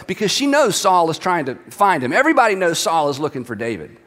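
A male pastor delivers a sermon with a lively, high voice that swoops up and down as he acts out the scripture. His reading is dramatic and expressive. The sound rings with the long reverb of a large hall. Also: fast talker, few pauses.

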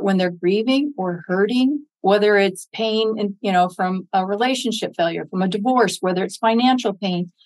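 An older American woman, a public speaker, talks earnestly and encouragingly in an interview, acting out her own inner dialogues. Her mid-range voice is a little mellow, and the audio is poor.

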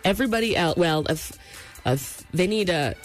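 A man's voice: high-pitched, expressive, moderate pace, faint music behind. A man hosting a talk show, bantering playfully and telling jokey stories. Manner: playful, joking storyteller. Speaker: radio show host.

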